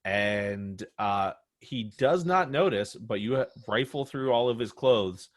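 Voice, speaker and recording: A man's voice: fairly low pitch, slow pace. A man acting as game master, narrating a tabletop game in a loose, rambling way with many fillers.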